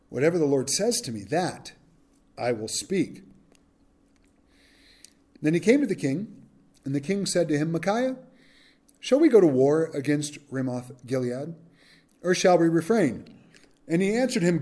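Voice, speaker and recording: A man preaching a verse-by-verse sermon, reading scripture aloud and acting out the speakers in casual modern slang. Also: a little high. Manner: animated, acts out quotes in modern slang. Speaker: pastor. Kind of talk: expository sermon.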